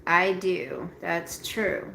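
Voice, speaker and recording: With a fairly low, creaky voice, a tired woman yawns her way through a casual live chat from home. She rambles slowly and speaks straight to chat by name, while the roomy room sounds echoey over a noisy background.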